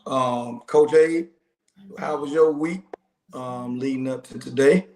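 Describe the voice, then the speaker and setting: A man's voice: mid-range voice, steady tone, takes it slowly, a little mellow. A man hosting a casual sports podcast, opening with showman-style introductions and teasing his co-hosts. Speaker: podcast host. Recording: echoey room with faint noise.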